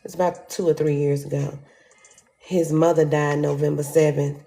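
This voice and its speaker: Gravelly woman storytelling, cussing a lot, voice jumps way up on the quotes, low voice. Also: normal speed. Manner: animated, profane, acts out quotes with sudden jumps in pitch. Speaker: storyteller vlogger. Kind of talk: animated casual storytelling.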